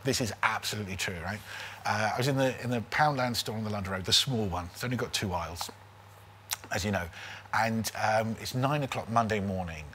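A man in his forties, a comedian guest telling a comic story in a lively, casual way, often checking in with "right?". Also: lowish voice, fairly quick, slight background noise. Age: 40s. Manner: animated, keeps tagging lines with "right?".

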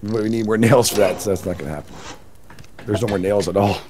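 A man's voice: on the low side, fairly even intonation, quick pace, warm tone, a little hiss or hum. A man streaming a co-op survival game, joking with friends and greeting viewers. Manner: laughs often, jokey, talks to viewers. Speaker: streamer and co-op player. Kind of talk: casual gaming chat.

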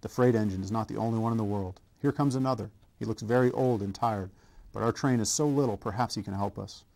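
A man's voice: lowish voice, fast, darkish tone, lightly acted. A man voicing a cheerful, hopeful little male toy clown in a storybook, calling out eagerly.

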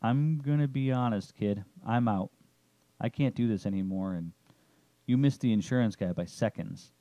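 A man voicing a raspy, caring old father figure in a narrated story. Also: lowish voice, normal speed, dark tone, no echo, highs cut off, close to an everyday voice. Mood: frank.

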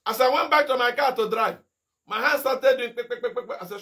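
A fiery male evangelist from Nigeria preaching a sermon in a high, ringing voice. He is bright and piercing in tone, firing off rhetorical questions and sudden shouted rebukes. A middle-aged preacher who swings between scolding and exhortation. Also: fairly quick.

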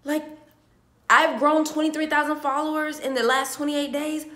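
Young woman vlogger, tearful and sighing, a little high-pitched, heartfelt and repetitive, phone camera in an echoey room. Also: little pitch movement, moderate pace. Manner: heartfelt, repetitive, swinging between hushed and loud. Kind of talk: emotional talk to camera. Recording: roomy echo.

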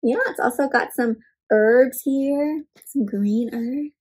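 Lady reading a picture book to kids, asks them questions, animated, breathy. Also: a little high, takes it slowly. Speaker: children's storyteller. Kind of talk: interactive read-aloud for kids.

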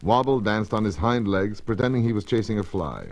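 A man narrating children's stories on a storybook record, in an expressive, measured storytelling manner. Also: fairly low pitch, poor audio.

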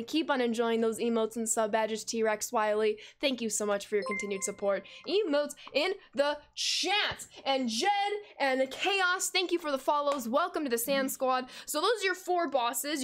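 A woman's voice: high voice, fairly bright tone. A young woman in her twenties streaming a video game live, talking through game content and thanking viewers in an upbeat, effusive way. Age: 20s.

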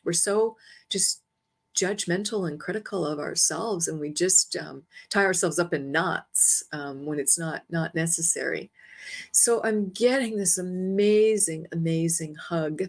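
A woman's voice: fairly low pitch, unhurried. A woman, an interview guest, animatedly telling a personal story and often acting out her own words with light laughter. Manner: animated, expressive, often quoting herself; laughs lightly while speaking. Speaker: interview guest, energy healer.

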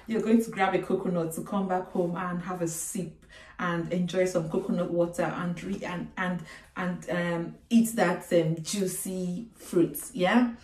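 Heard from a distant mic, a Nigerian woman vlogger chats casually to the camera in a mid-range, slightly mellow voice, laughing a lot and telling lively stories to her viewers. The room is echoey and faint music plays in the background.

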